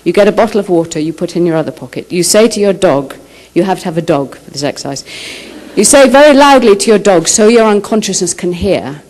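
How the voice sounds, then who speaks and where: A woman author answering students' questions, telling stories in a lively way and acting out the quotes. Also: lowish voice, fairly quick. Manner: lively storyteller who acts out quotes. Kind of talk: school talk answering questions. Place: high school.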